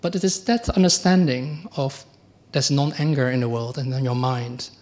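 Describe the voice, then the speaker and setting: A middle-aged man, a monk giving a conversational dharma talk, often asking the audience questions and acting out quoted exchanges. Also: moderate pace. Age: middle-aged or older. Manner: acts out quoted exchanges with lively pitch jumps. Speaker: Buddhist monk teacher.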